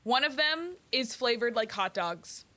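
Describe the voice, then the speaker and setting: A woman's voice: a little high, animated, unhurried, pushed and bright. A woman playing a tabletop game, describing her character's work in a bubbly way. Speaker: player.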